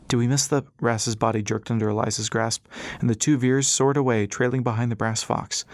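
A man narrating an adventure audiobook in a steady storytelling read. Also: mid-range voice, no room sound. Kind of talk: scripted narration.

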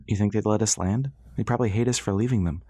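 A wry young airship mechanic, as a male narrator plays him, low-voiced and grumbling with dry humor. The recording is close and dry, with no room sound. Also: fast talker, dark tone, slightly rough, dry recording.

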